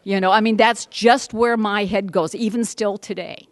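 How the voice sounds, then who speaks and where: A woman's voice: mid-range voice, steady tone, moderate pace, no room sound. A middle-aged woman giving a candid, rambling personal testimony at a support group meeting, with wry asides and many restarts.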